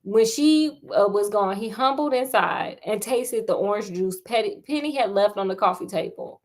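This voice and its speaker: A woman's voice: mid-range voice, moderate pace. A woman storyteller reading a story aloud, breaking off for sassy, laughing asides to her listeners.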